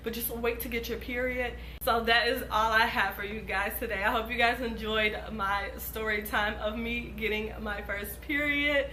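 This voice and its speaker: A young woman telling a casual storytime on her vlog, animated and swearing freely. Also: on the high side, moderate pace, few pauses, a little hiss or hum. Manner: animated, swears freely, acts out quoted voices. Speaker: vlogger. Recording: echoey room.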